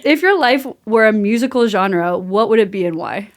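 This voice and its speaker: A bubbly woman hosting a podcast, animated and quick to laugh as she throws questions at her guest. Her voice sits in a middle register, loose and conversational. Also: medium pitch. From Tennessee. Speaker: podcast host. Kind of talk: casual podcast interview.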